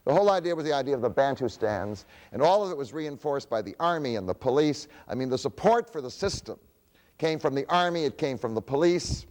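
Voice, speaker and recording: A man's voice: mid-range voice, lively intonation, brisk, a little mellow, in a large hall. A man giving a public lecture, who poses rhetorical questions and answers them himself.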